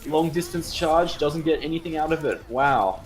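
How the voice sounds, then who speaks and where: A man casting a live esports match, chatty and excitable, breaking out in sudden cheers. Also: a little high, normal speed, a little hiss or hum. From Australia. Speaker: esports caster. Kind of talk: live esports play-by-play commentary.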